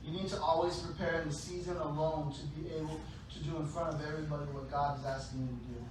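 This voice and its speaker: A man preaching a sermon, playful, acting out scenes with sudden shouted voices, recorded in a large church hall. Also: a little high, little pitch movement, quick pace. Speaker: pastor. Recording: echoey hall, distant mic, faint noise.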